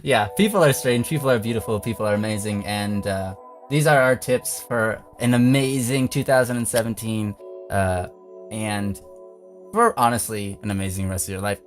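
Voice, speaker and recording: A young man hosting a casual advice chat, upbeat and earnest, and quick to laugh. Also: on the low side, faint music behind. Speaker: host.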